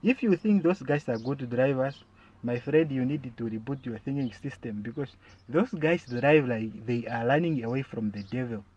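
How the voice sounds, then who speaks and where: A man performing a stand-up comedy monologue, animated and bursting into loud shouted calls. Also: mid-range voice, normal speed. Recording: dull lo-fi recording.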